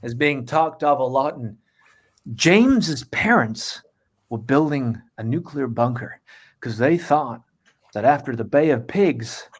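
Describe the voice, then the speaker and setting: Slow mock-grand male narrator. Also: medium pitch, lively intonation. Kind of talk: improvised storytelling.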